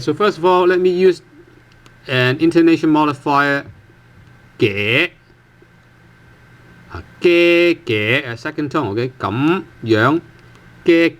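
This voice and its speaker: A man teaching a casual online language lesson, explaining slowly and patiently with many fillers and repeated example words. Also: a little high, fairly bright tone, lo-fi sound.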